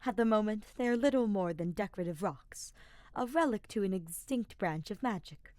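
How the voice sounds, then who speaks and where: A woman reading a fan-fiction audiobook, voicing a calm middle-aged mother who answers patiently and matter-of-factly. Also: mid-range voice, moderate pace, dry recording, lightly acted.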